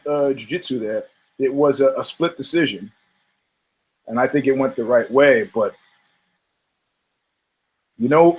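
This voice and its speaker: A man's voice: medium pitch, low-quality recording. A man hosting a podcast, riffing on fight results in a rambling, profane, joking manner. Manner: rambling, profane, self-mocking jokes. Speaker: podcast host. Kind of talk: casual comedic commentary on combat sports.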